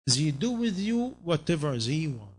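A man's voice: a little high, very animated, measured pace, slight background noise. A man preaching a sermon in non-native English phrasing, pressing his listeners with repeated rhetorical questions.

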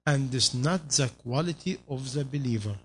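A man's voice: medium pitch, normal speed, a bit bright, a little hiss or hum. A man preaching a sermon in non-native English phrasing, pressing his listeners with repeated rhetorical questions.

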